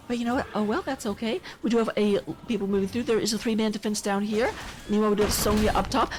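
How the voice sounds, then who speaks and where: A woman's voice: fairly high pitch, noisy background. A woman casting a live online game match, giving chatty play-by-play with self-deprecating asides. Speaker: esports caster.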